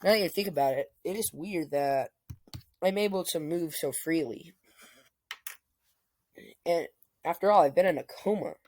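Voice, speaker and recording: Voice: mid-range voice, normal speed, pauses often, a little mellow, lightly acted. A casual storyteller voicing an eager, polite young male hero, wide-eyed and thankful.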